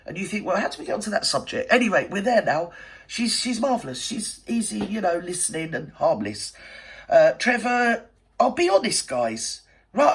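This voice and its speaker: A man's voice: high voice, fairly bright tone, breathy edge, heavily acted. A man voicing a brash, gossipy older widowed woman, rambling and indignant in a satirical monologue. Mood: fond, chatty. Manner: rambling, indignant, threatening, full of fillers. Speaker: satirical channel host.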